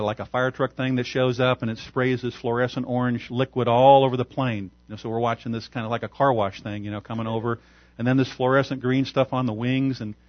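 A man pastor preaching a sermon, telling a story in an animated way and chuckling often. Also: mid-range voice, no room sound, dull audio.

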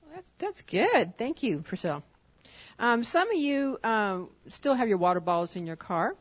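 A woman with a fairly high voice leads a church service in a relaxed, coaxing way, chuckling as she goes. The sermon comes through a dull, lo-fi recording. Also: moderate pace. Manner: conversational, coaxing, often chuckling. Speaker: pastor's wife leading a church service. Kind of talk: informal sermon talk to a congregation.

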